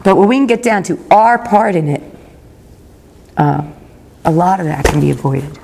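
A woman in her fifties with a gravelly, slightly low voice shares her story at a recovery meeting. She talks in a candid, confessional way, reflecting aloud on her own part in things. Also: expressive, moderate pace, dark tone, a little hiss or hum. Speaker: speaker sharing at a recovery meeting. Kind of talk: personal recovery talk. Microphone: recorded talk.

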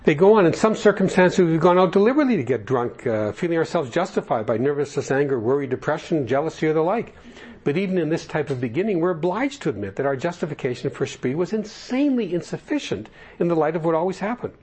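A man's voice: on the high side, big pitch swings, fast talker, darkish tone, slightly rough. An older man leading a group study, reading passages aloud and explaining them in plain words with asides. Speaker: recovery study group leader. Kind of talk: reading and commenting on a text.

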